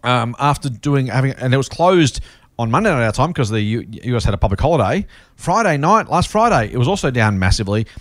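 Australian man hosting a podcast: quick, lively, chatty, dry close studio sound. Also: mid-range voice, no echo. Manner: animated, rambling, laughs between points. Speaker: podcast host. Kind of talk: casual finance podcast chat.

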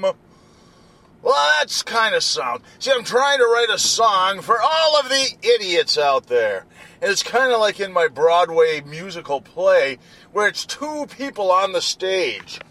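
A man talks to himself in a goofy, rambling way from a car, breaking into silly made-up song lines. His voice sits high, and he takes his time between thoughts. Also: sing-song, slow, pushed and bright. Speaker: vlogger. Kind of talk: rambling solo vlog while driving. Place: inside a car.

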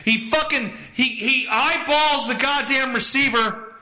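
A man hosting his podcast, ranting casually with lots of profanity and bursts of exasperated shouting. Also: very high voice, a little slow, roomy sound. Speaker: podcast host.

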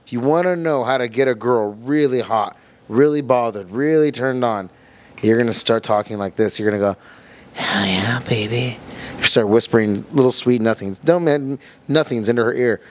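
A man in the middle of his pitch range, throwing out crude jokes and over-the-top mock advice to his friends. He talks with a brash, teasing bravado. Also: a little fast, slight background noise. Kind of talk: crude comedic banter.

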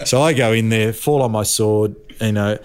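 A man's voice: on the low side, moderate pace, a little mellow, clean tone. An older Australian man, a motorsport commentator, telling racing anecdotes in a chatty, laughing way and acting out voices. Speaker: motorsport commentator, interview guest. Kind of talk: anecdotal storytelling.

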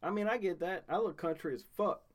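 A man's voice: high voice, fairly quick. A man in casual banter, crude and teasing, cross-questioning his co-host.

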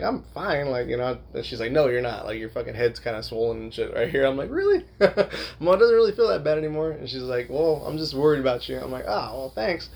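A young man tells a rambling story at a fast clip, piling up fillers and swearing freely. His voice has a gravelly, creaky edge at a middle pitch. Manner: laughs while telling. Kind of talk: casual storytelling.

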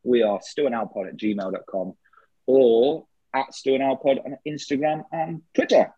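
A man co-hosting a podcast, joking and chatting casually with quick asides. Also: mid-range voice, steady tone, mellow, husky, no echo. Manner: jokey, laughing, quick asides. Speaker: podcast co-host. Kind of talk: casual comedic chat. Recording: slightly lo-fi dry recording.

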